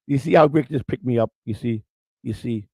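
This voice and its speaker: Gravelly guy hosting his stream, kinda choked up, rambles and repeats himself. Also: mid-range voice, a little fast, dark tone, no room sound. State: emotional, near tears. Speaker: show host. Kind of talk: emotional live-stream chat.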